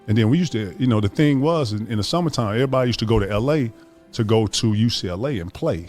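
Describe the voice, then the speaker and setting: Fast, animated man telling stories. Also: on the low side, faint music behind. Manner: animated, acts out quoted voices, profane slang. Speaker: former basketball player. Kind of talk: casual storytelling on a podcast.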